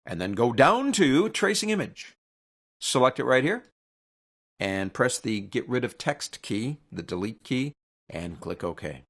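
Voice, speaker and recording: A man teaching a software tutorial step by step in a casual, chatty way, with joking, opinionated asides. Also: medium pitch, sing-song, a little slow.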